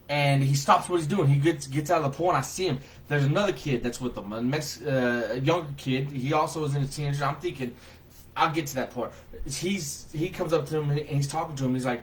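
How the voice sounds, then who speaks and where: Animated storytelling man, slightly high voice. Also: a little fast, poor audio. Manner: animated, loud when reenacting his own words, colloquial with "y'all". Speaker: vlogger telling a personal story. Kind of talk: casual spoken storytelling.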